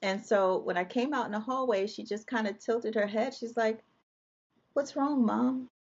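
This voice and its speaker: A woman's voice: fairly high pitch, normal speed, dull audio. A woman guest telling an emotional personal story, vividly reliving scenes with quoted dialogue.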